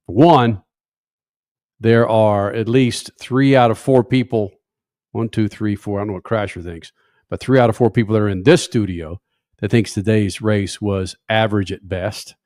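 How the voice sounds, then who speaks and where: A man's voice: fairly low pitch, fairly even intonation, moderate pace, darkish tone, dry recording. A man hosting a casual motorsports radio talk show from a studio, brash and flippant and swearing freely.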